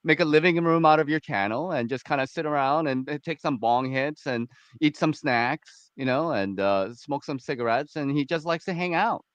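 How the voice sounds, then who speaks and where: A man's voice: on the high side, normal speed, few pauses, a bit bright, clean tone, no echo, lo-fi sound. A man co-hosting a live stream, talking in a laid-back, hesitant way. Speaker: co-host. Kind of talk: casual live stream chat.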